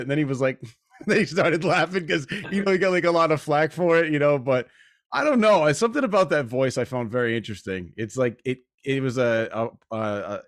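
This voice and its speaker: A man's voice: mid-range voice, quick pace, no room sound, clean studio sound. Laughing, rambling podcast host man. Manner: laughs often, rambling storyteller. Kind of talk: casual chat.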